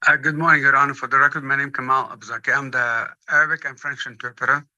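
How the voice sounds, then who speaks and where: A man working as a court interpreter, speaking haltingly with restarts and fillers. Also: medium pitch, fairly even intonation, bright, forceful tone, dry recording, highs cut off. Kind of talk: courtroom testimony.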